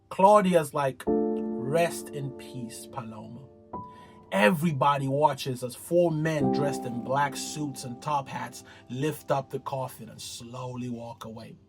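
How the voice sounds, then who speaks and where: A man hosting a casual reality TV recap, slangy and playful, with dramatic exclamations. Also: high-pitched. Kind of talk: casual show recap commentary.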